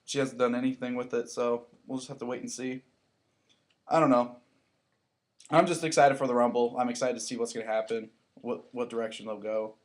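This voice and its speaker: A man with a middle-range voice chatting easily on a podcast. He swears in a relaxed, offhand way. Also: mid-range voice, a little fast. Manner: easygoing, casual swearing. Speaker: podcast co-host. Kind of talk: casual podcast chat.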